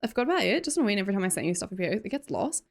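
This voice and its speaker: A woman's voice: mid-range voice, very animated, racing, creaky. A young Australian woman chatting casually on a live stream, reading out chat, teasing viewers, laughing often and swearing casually. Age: young adult.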